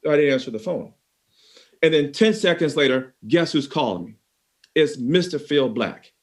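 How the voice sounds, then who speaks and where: A man's voice: fairly high pitch, moderate pace. A man giving a motivational talk to managers, telling a story and speaking straight to the audience. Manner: animated storyteller, addresses the audience directly.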